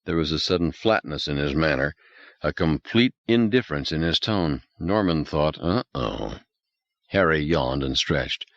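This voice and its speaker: Brief: deep man, lively measured narration, dry and slightly dull sound. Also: no echo. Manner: measured and dramatic. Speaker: audiobook narrator. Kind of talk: scripted narration.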